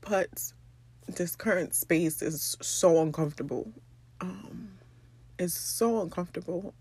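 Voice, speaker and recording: A young woman, from the Bronx, hosting a personal podcast monologue, tearful and halting, with many pauses and ums. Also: on the low side, a little mellow, slightly rough, no room sound. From the Bronx, New York. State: tearful, crying. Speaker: podcast host.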